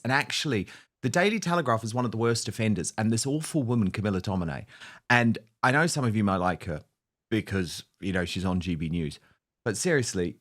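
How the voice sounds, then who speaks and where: A middle-aged man hosting an opinionated commentary show, emphatic and scornful. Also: medium pitch. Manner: emphatic, scornful, rising to animated peaks. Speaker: host.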